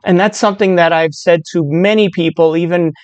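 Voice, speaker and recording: A woman in her sixties with a low voice register, telling a personal story in a loose, chatty way full of asides. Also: fairly even intonation, a little fast, darkish tone, no echo, lo-fi sound. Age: 60s. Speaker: speaker sharing a personal story. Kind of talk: casual storytelling monologue.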